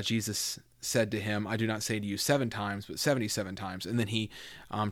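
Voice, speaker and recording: A man's voice: fairly low pitch, a bit bright, dry recording, clean studio sound. A man hosting a casual Bible teaching podcast, talking loosely with fillers and restarts as he reads scripture aloud.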